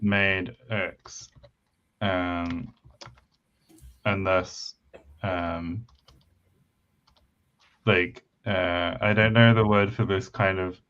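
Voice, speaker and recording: A man talks slowly and haltingly, filling gaps with ums while he thinks aloud. His voice is low and smooth. The recording is a little dull and lo-fi. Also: level tone, a bit bright. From United Kingdom. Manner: hesitant, many pauses and fillers. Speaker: podcast co-host. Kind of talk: casual chat about language building. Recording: slightly dull lo-fi mic.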